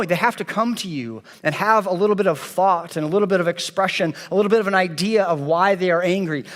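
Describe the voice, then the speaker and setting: A man's voice: high-pitched, fast talker, few pauses, a bit bright, long reverb tail. A man preaching a sermon as pastor, in an earnest, repetitive cadence. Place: church sanctuary.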